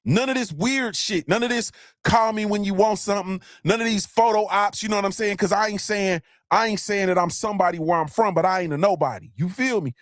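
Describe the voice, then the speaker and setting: A man's voice: sits high, fairly quick, few pauses, no room sound, studio quality. A man hosting a motivational live-stream talk, emphatic and blunt, repeating his points and cussing freely. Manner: emphatic, repetitive, blunt and profane. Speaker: host.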